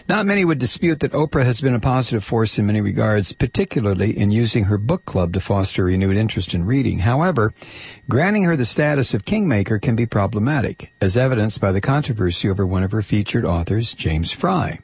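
A man's voice: lowish voice, expressive, a little fast, darkish tone, breathy edge, dry recording. A man hosting a talk show, reading a listener's letter aloud in an emphatic, sarcastic way. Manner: emphatic, sarcastic, stretches key words.

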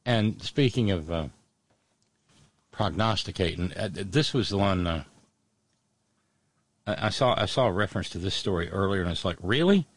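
A man hosting solo political commentary, sardonic and halting, often restarting his words. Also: sits low, animated, no echo.

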